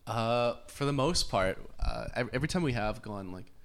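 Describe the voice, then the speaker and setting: Goofy young man with lively pitch. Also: normal speed. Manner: goofy, playful, swears freely. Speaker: podcast guest. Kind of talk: casual chat. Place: home kitchen.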